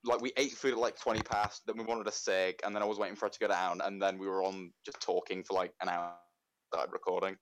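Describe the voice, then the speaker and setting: A young man co-hosting a casual podcast chat, swearing freely and telling lively stories. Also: deep voice, fast, slight background noise, poor audio. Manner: swears freely, animated storytelling. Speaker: podcast co-host.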